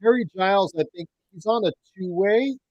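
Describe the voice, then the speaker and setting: A man in his forties hosting a casual basketball chat, rambling with restarts and sudden excited outbursts. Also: sits high, moderate pace, lo-fi sound. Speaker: host of a basketball chat show. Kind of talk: casual live game chat.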